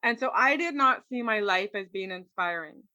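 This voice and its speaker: A woman from Canada, a guest in an interview, telling her personal story in a lively way and acting out what people said. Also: medium pitch, moderate pace, no echo. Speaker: interview guest, motivational speaker.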